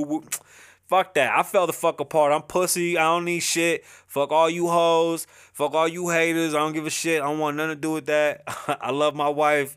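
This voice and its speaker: A man hosting his own show alone, talking casually in street slang with lots of swearing and frequent laughter. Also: on the high side. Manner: profane, animated street slang, laughs often. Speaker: podcast host. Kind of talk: solo casual monologue.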